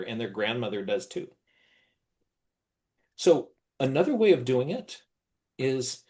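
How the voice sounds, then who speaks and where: A middle-aged man leading an online workshop, animated, acting out gushing praise in a high voice. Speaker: workshop presenter.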